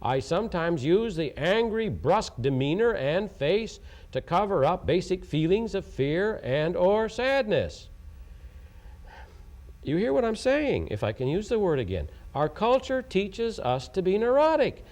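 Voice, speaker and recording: A man's voice: high voice, very animated, unhurried, a little mellow. A man from Oklahoma giving a taped educational lecture on communication. He is emphatic, repeats his points and asks rhetorical questions. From Oklahoma, USA.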